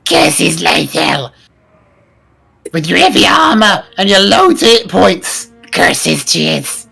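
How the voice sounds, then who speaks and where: A woman voicing a small, dramatic male goblin with a gravelly, raspy voice and theatrical cursing. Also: lowish voice, sing-song, slow pace, a bit bright, faint music behind, heavily acted. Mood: melodramatic.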